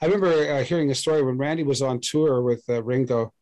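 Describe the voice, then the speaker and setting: A man's voice: medium pitch, quick pace. Man in easy podcast chat. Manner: brief interjections, then a relaxed anecdote. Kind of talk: casual chat.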